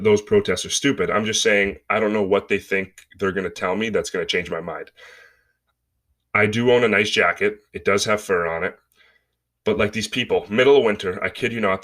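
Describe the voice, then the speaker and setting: A man's voice: on the low side, a bit bright. Sarcastic young man ranting. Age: 20s. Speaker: podcast host. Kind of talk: casual solo podcast rant.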